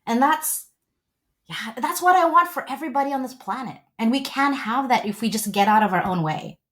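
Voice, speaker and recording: A woman in her forties, a relationship coach, talking as an interview guest in a gushing, animated storytelling way. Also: a little high, fairly quick.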